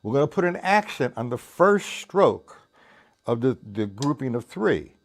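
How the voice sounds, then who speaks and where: A man's voice: medium pitch, big pitch swings, unhurried. Rambling tired male drum teacher. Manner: loose, rambling, counting beats aloud over drumming. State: tired from staying up all night. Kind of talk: live-streamed drum lesson. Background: drum kit playing.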